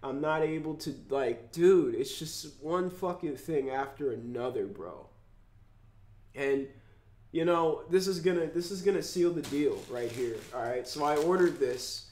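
A man vlogging in an emotional rant, congested and upset, swearing and swinging between loud outbursts and low mumbles. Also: measured pace, reverberant. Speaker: YouTuber.

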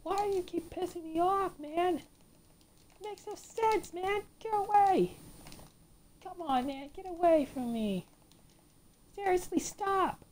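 A woman with a high voice narrating her gameplay, ranting and cursing at the enemies as she goes. She takes her time with each line, and her tone is mellow and dark rather than bright. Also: unhurried, slight background noise. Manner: ranting, frequent swearing at the game. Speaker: let's play gamer. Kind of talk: gameplay commentary.

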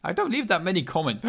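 A man giving chatty, sarcastic gameplay commentary, muttering one moment and bursting out loudly the next. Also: mid-range voice, slight background noise. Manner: chatty and sarcastic, swinging from mutters to loud outbursts, heavy slang. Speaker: video game commentator.

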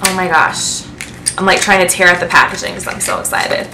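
A woman in a casual beauty vlog, unboxing gifts to camera and gushing with excitement. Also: on the low side, a little fast, a little hiss or hum. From United States. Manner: gushing, excitable, breathless with delight. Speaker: beauty vlogger. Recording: echoey room.

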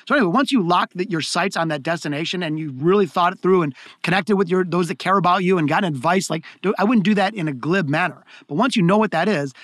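A man with a high voice tells his stories in a rush, tripping over restarts and repeating words as he goes. The sound is dry and close, with no room in it. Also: fairly bright tone, no room sound. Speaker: guest, keynote speaker. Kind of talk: conversational interview storytelling.

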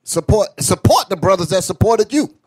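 A man's voice: sits high, lively intonation, moderate pace, a little mellow. A man in joining a sermon discussion and telling his own story. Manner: affirming, tells his own anecdote. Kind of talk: casual chat during sermon.

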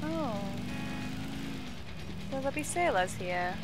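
Giggly high-voiced woman gaming. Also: expressive, slow pace, vocal fry, background noise. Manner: giggly, playful. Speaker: gamer playing. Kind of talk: casual let's-play chat.

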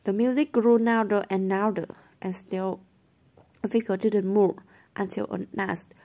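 A woman reads a novel aloud in a soft voice that at times drops to a near whisper. Her voice sits at an ordinary middle pitch, and her narration carries the story steadily from line to line. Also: steady tone, a little slow.

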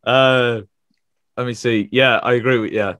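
A man's voice: medium pitch, fairly even intonation, measured pace, fairly bright tone, no echo. A 21-year-old man co-hosting a casual podcast, laid-back, swearing freely and laughing often. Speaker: podcast co-host.

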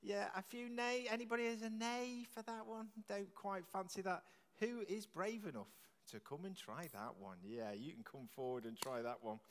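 A man leading a church service, jokily quizzing the congregation with quick questions. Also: high voice, a little hiss or hum. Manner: jokey, chatty, quizzing the audience with quick questions. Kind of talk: playful all-age talk with the congregation. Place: large church with long reverb. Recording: echoey church from a distance.

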